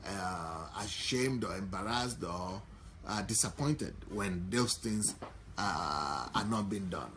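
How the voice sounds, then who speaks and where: A Nigerian-accented pastor preaches in a fairly low voice, restating each point and leaning on fillers as he goes. Faint background ambience sits behind his voice. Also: slight background noise. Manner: unhurried, repetitive preaching with many fillers. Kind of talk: sermon.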